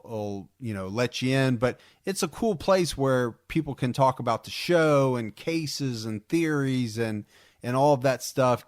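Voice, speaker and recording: A man's voice: mid-range voice, smooth, no echo. A man co-hosting a podcast in an easygoing chat, his mid-range voice close and dry. He rambles, circles back, and restarts sentences with eager energy. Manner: rambling, repeats words, enthusiastic. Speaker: podcast co-host.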